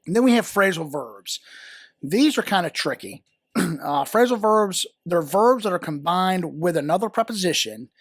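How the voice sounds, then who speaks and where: A man's voice: fairly high pitch, no echo, clean studio sound. Patient Southern American man teaching grammar. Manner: patient, explanatory, with fillers and repeated words. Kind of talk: grammar tutorial.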